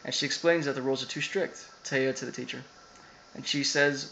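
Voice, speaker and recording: A man's voice: medium pitch, fairly even intonation, brisk, gravelly, pushed and bright, slight background noise, low-quality recording. A man casually recapping an anime episode, rambling with lots of fillers and quoted asides.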